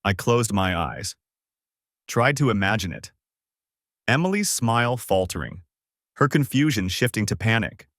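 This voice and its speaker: A man reading a first-person story aloud in measured, scripted narration. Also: lowish voice, expressive, fairly bright tone, no room sound, studio quality.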